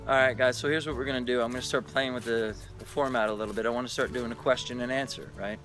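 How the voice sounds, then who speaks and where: A man's voice: mid-range voice, fairly even intonation, fast talker, music in the background. Profane, joking man vlogging. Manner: joking, profane, mock-exasperated. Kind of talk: casual to-camera vlog. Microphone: camera on a selfie stick.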